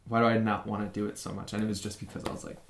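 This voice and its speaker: A man's voice: on the low side, little pitch movement, very fast, roomy sound, slight background noise. A young man from San Francisco answers interview questions casually, with many fillers and restarts. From San Francisco, USA. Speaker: interview guest.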